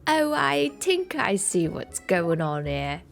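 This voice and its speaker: A woman's voice: medium pitch, big pitch swings, slow, gravelly, soft background music, full character voice. A woman voicing an earnest, nervous young male law student, polite and flustered, in a game playthrough. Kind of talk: video game voice-over playthrough.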